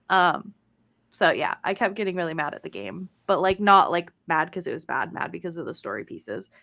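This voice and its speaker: A woman's voice: fairly low pitch, sing-song, normal speed, vocal fry, fairly bright tone. A woman co-hosting a gaming podcast, chatting casually with lots of fillers and laughter. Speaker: podcast co-host. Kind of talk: casual chat.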